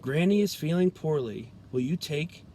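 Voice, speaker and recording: A man softly playing a kind storybook mother. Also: on the high side, lively intonation, moderate pace, slight background noise. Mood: gentle.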